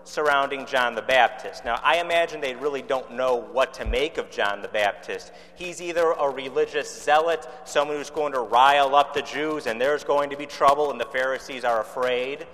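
A pastor from Chicago preaching a sermon in a conversational way, with rhetorical questions and dry humor. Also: male voice, mid-range voice, moderate pace, hardly any pauses, fairly bright tone, big-room sound.

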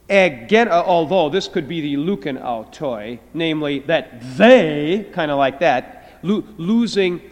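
High-voiced man lecturing in a hall. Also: lively intonation. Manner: explains slowly, drawing out words, with filler restarts. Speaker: Greek professor. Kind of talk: classroom lecture. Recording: hall reverb.

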